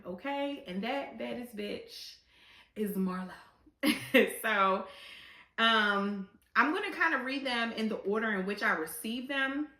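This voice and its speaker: A woman's voice: a little high, a little slow, sharp tone, roomy sound. A woman in her thirties hosting a podcast, talking candidly and bluntly in a casual monologue with some swearing. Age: 30s. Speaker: podcast host.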